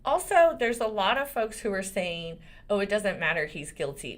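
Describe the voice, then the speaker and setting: A woman in her forties hosts her own channel as a lawyer and speaks casually to the camera. Her voice is lively and rises and falls a great deal, and she moves from firm legal points to laughing asides. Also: mid-range voice, normal speed. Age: 40s. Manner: animated and expressive, swinging between serious points and laughter.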